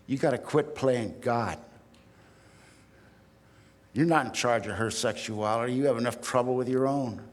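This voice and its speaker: A man in his sixties from Southern California, telling his recovery story at a meeting in a blunt, streetwise, self-mocking way. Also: on the high side. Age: 60s. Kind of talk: sharing a personal story from a podium. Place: large hall. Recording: archival recording in a long-reverb hall.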